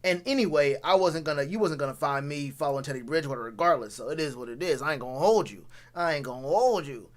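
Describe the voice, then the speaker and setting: High-voiced man ranting casually. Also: expressive, quick pace, few pauses. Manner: slangy, blunt, repeats phrases for emphasis. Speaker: sports commentary streamer. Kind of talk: casual live-stream sports rant. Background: talks to a live chat.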